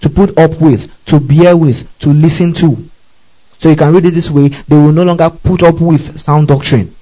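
A man preaching a sermon in a fairly high, mellow voice, checking in with his congregation over and over. He reads scripture slowly and deliberately. The recording is dull and lo-fi. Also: fairly even intonation. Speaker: pastor.

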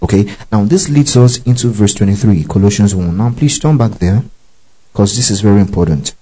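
A man's voice: lowish voice, expressive, fairly quick, warm tone, low-quality recording. A man teaching a Bible study, reading verses aloud and often asking the class if they follow. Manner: checks in often with the class, spells out Greek words.

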